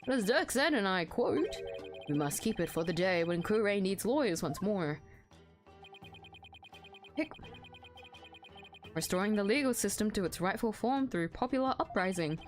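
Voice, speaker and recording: A woman voicing a scruffy middle-aged male rebel leader, reading game dialogue aloud in an easygoing, drawn-out way. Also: mid-range voice, expressive, faint music behind, close to an everyday voice.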